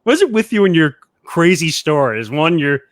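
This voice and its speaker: A man's voice: a little high, very animated, normal speed, no room sound, studio quality. A man co-hosting a casual chat, teasing his friend and prompting him to tell stories. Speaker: podcast co-host.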